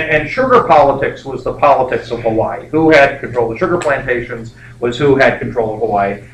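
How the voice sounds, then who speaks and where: A mid-range, fairly bright voice belongs to a male history teacher standing far from the mic. He rambles through his lecture with jokes and many filler words, and the echoey classroom carries faint background noise.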